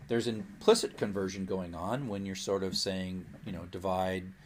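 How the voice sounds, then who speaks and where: A man's voice: low-pitched, steady tone, moderate pace, slight background noise. A middle-aged man teaching programming in a recorded lecture, with a playful habit of speaking as the computer. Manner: playful, voices the computer as a character.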